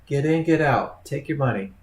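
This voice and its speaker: A man's voice: mid-range voice, lively intonation, normal speed. Man teaching trading, echoey room. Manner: conversational, addresses students by name, acts out trader thoughts. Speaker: trading instructor. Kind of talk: live webinar teaching.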